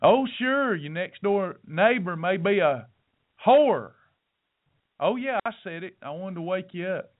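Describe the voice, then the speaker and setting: A man's voice: high voice, animated, unhurried. A middle-aged man hosting a podcast, talking in a folksy, sermon-like way and speaking straight to his listeners. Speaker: podcast host. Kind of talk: preachy motivational talk. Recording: tinny phone-like audio.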